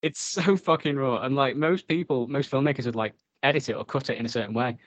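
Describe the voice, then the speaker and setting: A man's voice: mid-range voice, fast talker. A man co-hosting a podcast in casual chat. He swears often and fills his talk with "like.". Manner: chatty, swears often, filler-heavy. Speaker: podcast co-host reviewing a film.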